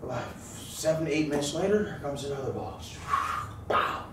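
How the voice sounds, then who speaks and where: A pastor with a somewhat high voice talks at normal speed through a laid-back, jokey sermon, sharing stories and inviting call-and-response from the pews. A far-off mic in the sanctuary leaves the audio roomy and noisy.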